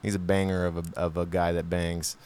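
A man's voice: low-pitched, little pitch movement, fairly quick, a little mellow, clear, resonant tone. An American man co-hosting a podcast in loose, joking casual chat, swearing freely. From United States. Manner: loose, joking, swearing, half-rapping at times. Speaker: podcast co-host.

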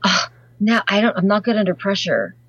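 A woman's voice: mid-range voice, big pitch swings, a little fast, fairly bright tone, breathy edge, dry recording, dull audio. A woman chatting casually as a podcast guest, swearing a lot, getting flustered and laughing. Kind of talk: casual chat.

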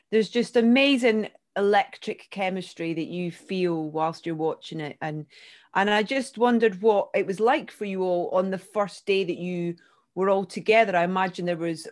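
A woman interviewing actors, asking long, meandering questions full of restarts. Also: medium pitch. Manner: warm rambling questions with many restarts. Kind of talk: casual interview.

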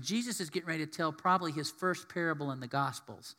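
Brief: male pastor, animated sermon, high bright voice, long hall reverb. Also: a little fast, few pauses. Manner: animated, acts out quotes in voices.

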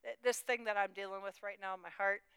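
A woman preaching a sermon, moving between hushed, personal confession and impassioned outbursts. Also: mid-range voice, steady tone, fast, clear, resonant tone, no echo, low-quality recording. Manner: emotional, swings from hushed to impassioned.

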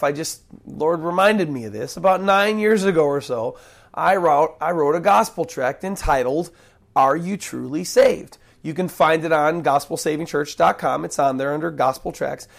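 Gravelly-voiced man preaching a sermon. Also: on the high side. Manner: hushed, earnest praying, then emphatic teaching with slow stressed phrases; folksy, with small jokes and restarts. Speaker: pastor. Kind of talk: sermon with opening prayer.

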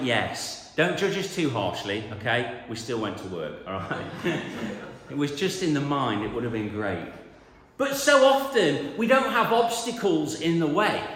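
A man's voice: on the high side, a little hiss or hum. A man preaching a conversational sermon in a church hall, with joking asides to the congregation. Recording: echoey hall, reverberant.

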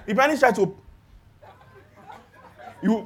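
A man's voice: sits high, slow, fairly bright tone, husky, a faint crowd. A young Nigerian man with a Nigerian accent preaching a sermon, asking his congregation rhetorical questions.

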